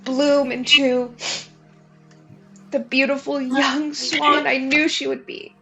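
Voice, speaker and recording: A woman's voice: high voice, flat delivery, slow, a bit bright, soft background music, pitched above the performer's own voice, exaggerated voice. Woman playing a grand old swan lady, gushing. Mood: wistful. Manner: gushing, calls everyone darling. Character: elderly female swan, grand, theatrical, tearful.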